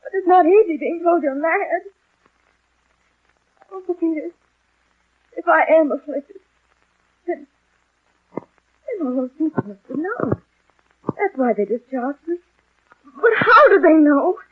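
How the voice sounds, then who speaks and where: A high-voiced, frightened young woman from a vintage radio drama. She speaks in breathless, halting bursts, close to tears. The sound is thin and narrow like an old broadcast. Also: animated, exaggerated voice. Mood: anxious. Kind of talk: 1940s radio acting.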